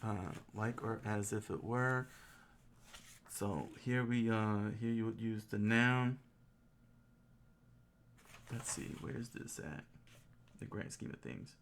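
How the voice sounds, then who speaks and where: Slow, low-voiced man thinking aloud. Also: steady tone, slight background noise. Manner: thinks aloud, sounding out phrases and chuckling often. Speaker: host studying Japanese. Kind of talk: casual study-stream commentary.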